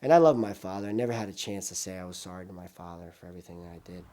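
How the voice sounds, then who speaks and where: An older man speaks in a documentary interview, his voice low and dark. He tells his story with emotion, swinging between loud bursts and hushed asides. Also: steady tone, racing, a little hiss or hum.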